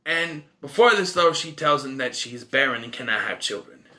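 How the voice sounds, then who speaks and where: A film reviewer with a mid-range, sharp-toned voice speaks expressively at a moderate pace. He casually recaps a movie's plot, rambling, correcting himself, and dropping wry asides.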